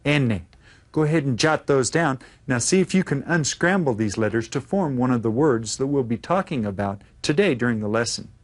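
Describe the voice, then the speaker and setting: A man teaching a children's language lesson, modeling phrases slowly and clearly for the class to repeat. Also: medium pitch, animated. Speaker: Spanish teacher.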